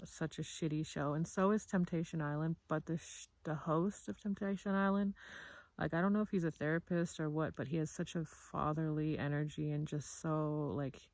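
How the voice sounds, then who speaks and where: A woman's voice: sits low, steady tone, normal speed, darkish tone, no echo. A woman talking candidly in a casual commentary vlog, chatty and full of fillers, with the occasional swear. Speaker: vlogger.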